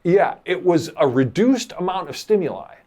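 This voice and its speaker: Animated man telling a story. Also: high-pitched, moderate pace. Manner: animated storytelling, acting out his own inner voice. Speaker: podcast co-host. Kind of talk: casual chat.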